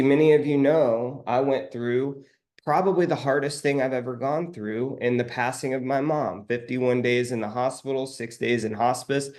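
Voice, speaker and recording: A man, a life coach, giving a motivational talk and slowly repeating his key phrases for emphasis. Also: medium pitch, a little mellow.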